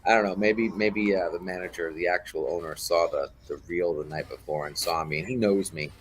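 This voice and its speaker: A man's voice: deep voice, fairly quick, slight background noise. A man telling a heated story in casual chat on a live online show, swearing often.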